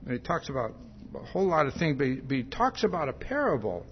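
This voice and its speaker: A man preaching an expository sermon in a conversational way, often pausing to ask "see?" and restarting his sentences. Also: on the high side, sing-song, muffled recording, a little hiss or hum.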